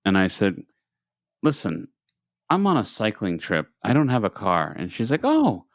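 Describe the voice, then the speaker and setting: Low-voiced man telling an animated story. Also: normal speed, gravelly, dry recording, clean studio sound. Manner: animated storyteller, acts out quotes in raised voices. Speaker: podcast co-host. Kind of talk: casual storytelling chat.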